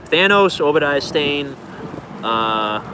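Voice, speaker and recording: A man's voice: a little high, expressive, slow, noisy background. A man casually answering viewer questions on a livestream, rambling in a laid-back way with plenty of filler words.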